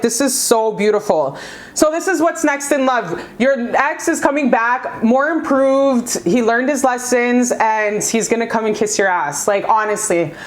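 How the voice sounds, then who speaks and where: Gushing, slangy young woman tarot reader. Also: fairly high pitch. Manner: gushing, slangy, swears freely, talks to viewers as "you guys". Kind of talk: casual pick-a-card tarot reading.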